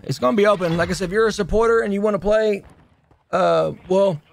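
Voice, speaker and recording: Guy streaming a shooter game, kinda high raspy voice, swearing and joking around, some faint noise behind. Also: fast. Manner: loose, profane, laughing banter. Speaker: gaming streamer. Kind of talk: casual gameplay chat.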